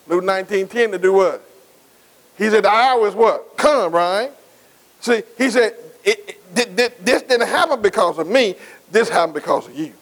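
High-voiced man preaching with call and response. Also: low-quality recording. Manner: call-and-response preaching, frequent rhetorical questions; repeats words while building up. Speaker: pastor. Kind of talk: sermon.

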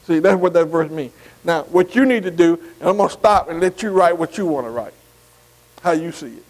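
A man's voice: fairly high pitch, lively intonation, fairly quick, big-room sound, poor audio. A man teaching a Bible study class. He spells Greek words out letter by letter, keeps saying "see" between phrases and keeps asking the class if they follow.

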